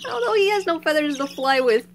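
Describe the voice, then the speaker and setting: A woman's voice: sits high, big pitch swings, normal speed, background noise. A woman filming her pet budgies at home, chatting casually and coaxing the birds in a soothing voice. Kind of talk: casual home vlog narration.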